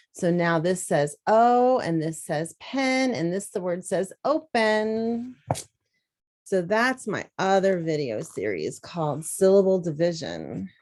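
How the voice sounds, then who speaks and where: A woman's voice: mid-range voice, a little mellow. A woman giving a patient phonics lesson to teachers, sounding out words as she writes. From Southern US.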